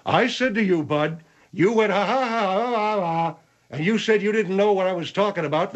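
A man's voice: high voice, pitched above the performer's own voice. Man doing a hot-tempered blustering General. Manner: blustering, quick to anger.

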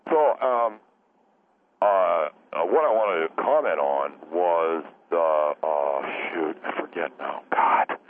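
An actor plays a scatterbrained young man phoning in, rambling and apologizing as he loses his place. His voice sits extremely low and comes through a thin phone line with faint hiss. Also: slow. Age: young adult. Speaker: caller.

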